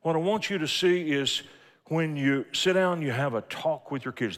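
A middle-aged man with a voice on the high side preaches a sermon at a moderate pace, quoting scripture and telling folksy stories about family life. A long hall reverb surrounds the recording.

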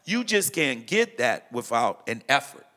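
A man's voice: medium pitch, very animated, measured pace, bright, forceful tone. A middle-aged man, a pastor, talking emphatically in a preaching style and quoting scripture. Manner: emphatic, quotes scripture, repeats phrases.

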